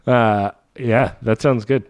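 A man's voice: mid-range voice, steady tone, slow. A man co-hosting a podcast, chatting casually and rambling with many fillers. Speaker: podcast co-host. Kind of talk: casual chat.

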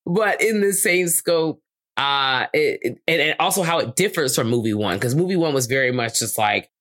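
A podcast co-host in casual movie review chat, animated, swearing freely and jumping into high-pitched impressions. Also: moderate pace.

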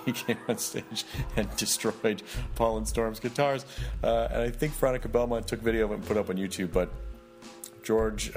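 A male podcast host rambles through a sponsor read and intro, joking and dropping fillers. His voice sits low. Soft music plays faintly underneath. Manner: rambling, jokey, full of fillers.

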